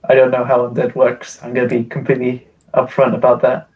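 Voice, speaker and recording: A man's voice: mid-range voice, completely flat delivery, fairly quick, phone-quality sound. A man playing a tabletop game, joking and hesitant, with lots of fillers. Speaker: player. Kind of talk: casual tabletop role-play.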